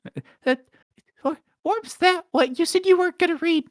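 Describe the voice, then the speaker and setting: Tiny flustered mouse-folk librarian woman for a tabletop game, squeaky high voice. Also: moderate pace, no echo, studio quality. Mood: puzzled. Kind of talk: tabletop role-play character voice.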